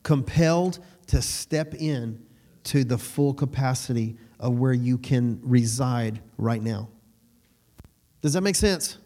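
A man's voice: medium pitch, takes it slowly, mellow. A man preaching a sermon in a conversational way, laughing between points and asking the room if they follow. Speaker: pastor.

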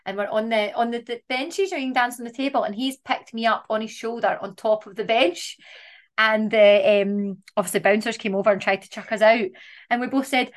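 Animated Scottish woman telling funny stories. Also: on the high side, normal speed. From Scotland. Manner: animated, laughing, self-mocking. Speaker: podcast co-host. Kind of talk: casual storytelling.

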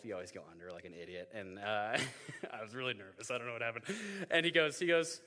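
A young pastor in his twenties tells a funny story in a sermon, playing out the voices of the people in it. His voice is bright and forward. It rings with the long reverb of a big hall. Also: fairly low pitch, animated, fairly quick. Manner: joking storytelling, acts out voices. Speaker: youth pastor.

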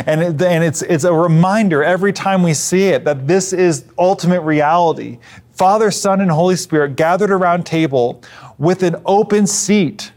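Earnest conversational pastor, man. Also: a little high. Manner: earnest, conversational, with frequent restarts and hushed asides. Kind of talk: sermon.

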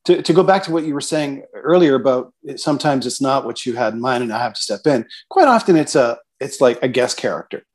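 A middle-aged man, a writer-producer hosting an interview, talking in a relaxed way and laughing between thoughts. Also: mid-range voice, quick pace, hardly any pauses. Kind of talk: conversational interview.

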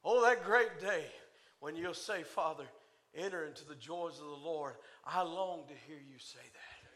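A male preacher delivering a sermon in a rhythmic cadence, swinging from hushed tones to shouting. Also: on the high side, unhurried. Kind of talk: Pentecostal-style sermon.

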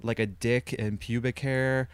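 A man's voice: medium pitch, steady tone, measured pace, clear, resonant tone, no echo. A man co-hosting a podcast, telling a long wry anecdote in a casual, rambling way, full of "like" and restarts. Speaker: podcast co-host.

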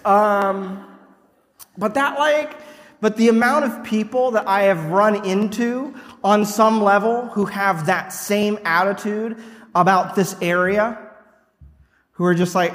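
Casual pastor in a reverberant hall. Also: male voice, sits high, unhurried, a bit bright. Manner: casual, rambling, full of "like" and "right?". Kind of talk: conversational sermon. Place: church hall with a congregation. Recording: long reverb of a church hall.

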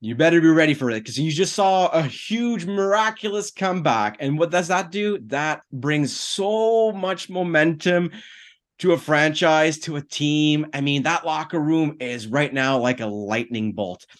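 A man co-hosting a sports podcast, making bold, animated predictions in casual talk. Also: fairly high pitch, a little slow. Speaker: podcast co-host.

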